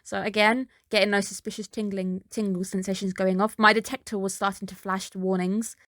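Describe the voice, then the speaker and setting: A woman's voice: medium pitch, flat delivery, a little fast, a bit bright, dry recording, studio quality. A woman reviewing an anime episode in a casual recap, chatty and dropping skeptical asides.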